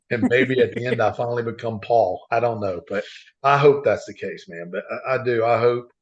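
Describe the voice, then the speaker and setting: A man's voice: mid-range voice, moderate pace. A man telling earnest stories as a podcast guest, rambling with frequent restarts. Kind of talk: casual storytelling. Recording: dull lo-fi sound.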